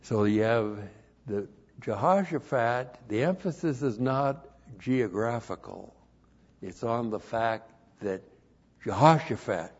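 A man preaching a Bible sermon at an unhurried, deliberate pace. He grows loud and emphatic on key phrases and drags out single words for stress. The recording sounds dull and lo-fi. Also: medium pitch, animated. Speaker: pastor. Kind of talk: expository sermon.

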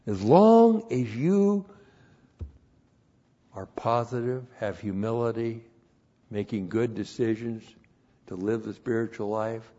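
A man's voice: lowish voice, darkish tone. A man preaching a sermon with Bible teaching, repeating phrases for emphasis and spelling out words letter by letter. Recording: dull lo-fi recording.

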